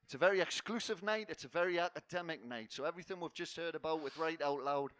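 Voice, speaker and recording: A man's voice: on the high side, quick pace, a bit bright, dry recording. A man hosting a spoken word night on a festival stage, rambling through self-mocking jokey banter before a live audience.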